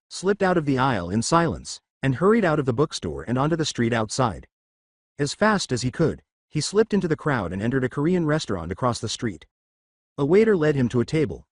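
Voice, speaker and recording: A man reading fan fiction aloud in a steady, measured way, though his pitch moves around a lot. The sound is dry and close to the mic. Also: dry recording. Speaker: narrator. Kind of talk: fanfiction story narration.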